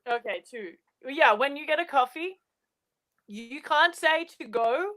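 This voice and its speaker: A woman's voice: sits high, lively intonation, measured pace, a bit bright. A woman playing a brash, bossy survivalist in an improvised comedy show, teasing and giving orders.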